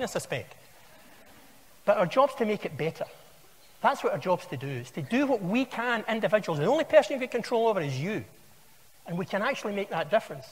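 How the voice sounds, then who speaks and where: A man in his sixties with a Scottish accent, giving a wry, anecdotal conference talk in a large hall. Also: sits high. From Scotland. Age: 60s. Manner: wry, anecdotal, conversational storytelling. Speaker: conference speaker. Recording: long hall reverb.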